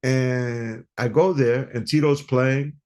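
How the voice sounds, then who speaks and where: Lively New man telling stories. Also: medium pitch, slow. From New York. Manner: animated storyteller who acts out dialogue. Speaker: guest musician. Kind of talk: storytelling interview.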